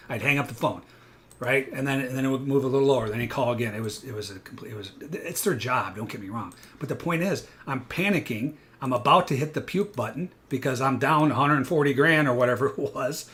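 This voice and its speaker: A man coaching viewers through live futures trades, explaining chart patterns and acting out panicked traders with bursts of energy. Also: mid-range voice. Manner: animated, acts out panicked traders, rapid asides. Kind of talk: live trading walkthrough.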